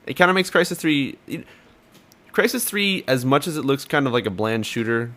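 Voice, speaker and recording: A man's voice: medium pitch, moderate pace, fairly bright tone. A young man co-hosting a gaming podcast, talking in a laid-back, casual way with lots of ums. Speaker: podcast co-host.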